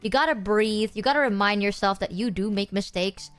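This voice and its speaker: A woman's voice: medium pitch, brisk, clear, resonant tone, soft background music. A young adult woman streamer talking candidly to her chat, swearing freely and joking at her own expense. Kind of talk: casual livestream chat.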